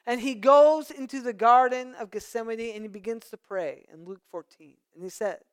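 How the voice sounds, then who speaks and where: A pastor preaching a conversational sermon, with playful asides to the congregation. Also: male voice, extremely high pitch, moderate pace, clear, resonant tone.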